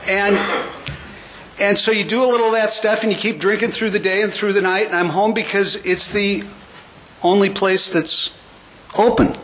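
An older man speaks in a high voice, telling a recovery story with wry, humorous timing. His talk is casual and conversational. A faint hiss sits under the recording. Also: steady tone, moderate pace, fairly bright tone, poor audio.

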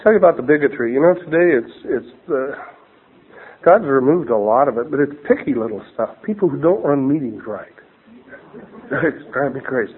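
A man's voice: medium pitch, animated, normal speed, breathy edge. A man telling a funny personal story as a speaker at a recovery meeting, with a wry, punchline-driven delivery. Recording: tinny phone-like radio audio with crowd and noise.

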